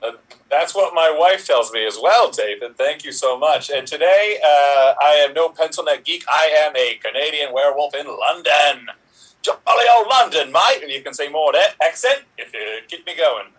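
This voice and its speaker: A man's voice: fairly high pitch, animated, normal speed, a bit bright, husky, far from the mic, low-quality recording. A man who plays improv, joking playfully on a video call. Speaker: improv player. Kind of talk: casual chat on a video call.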